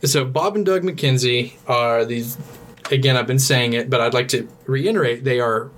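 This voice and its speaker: A male podcast co-host who retells a film in loose, rambling chat. He pauses often, stacks up fillers and breaks into laughter. His voice sits in a middle range, with faint noise behind it. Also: mid-range voice, fairly bright tone. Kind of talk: casual movie recap chat.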